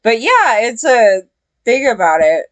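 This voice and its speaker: A woman talking straight to her audience in loose commentary. She is blunt and profane, full of "like" and "you know", and her voice leaps up when something outrages her. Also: a little slow. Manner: blunt, profane, rambling with many fillers; animated, jumps in pitch when outraged. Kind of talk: casual reaction commentary.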